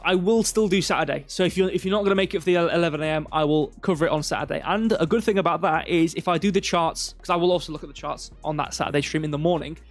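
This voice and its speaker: Male stream host, a bit high-pitched, loose and chatty, thinks aloud over charts. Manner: rambling, filler-heavy, thinking aloud. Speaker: crypto livestream host. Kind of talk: casual live chart commentary.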